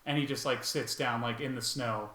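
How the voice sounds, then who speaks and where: A man's voice: medium pitch, steady tone, moderate pace, bright, forceful tone. A man playing a tabletop role-playing game, describing his character's actions in a casual, rambling way full of fillers. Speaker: player. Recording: echoey room with faint noise.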